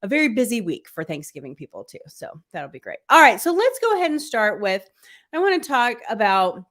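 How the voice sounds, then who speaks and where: A woman's voice: medium pitch, big pitch swings, a little fast, a bit bright. A woman co-hosting a casual live football podcast, upbeat and chatty, with plenty of fillers. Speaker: podcast co-host. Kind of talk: casual live-stream chat.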